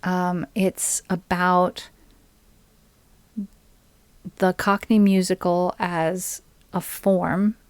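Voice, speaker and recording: A woman streaming live, chatting casually with viewers between songs, soft-spoken and often trailing off into a near whisper. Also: fairly low pitch, flat delivery, slow, no echo. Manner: chatty and recommending, addresses viewers. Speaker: streamer and ukulele singer.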